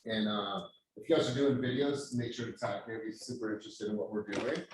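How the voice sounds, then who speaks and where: Blunt, upbeat male coach rallying a workshop; roomy echo, steady background noise. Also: lowish voice, a little fast. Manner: blunt, upbeat, swears casually. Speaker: real estate coach leading a workshop. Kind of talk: motivational workshop talk.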